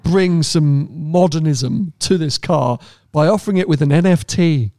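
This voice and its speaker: Brief: lively male co-host, slightly higher voice, dry close sound, chatty and laughing. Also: a little slow, no room sound. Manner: animated, laughing, jumps in pitch. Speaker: podcast co-host. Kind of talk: casual chat.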